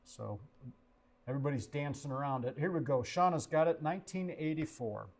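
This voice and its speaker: Man stumbling through trivia questions. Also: on the high side. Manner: reads haltingly, stumbles over words, jokey asides. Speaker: co-host reading trivia questions. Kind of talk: reading trivia on a livestream.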